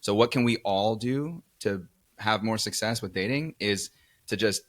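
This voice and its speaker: A man's voice: lowish voice, measured pace, dry recording, studio quality. A man from New York, a podcast guest talking earnestly and reflectively about dating, with many "like"s. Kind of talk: casual interview chat.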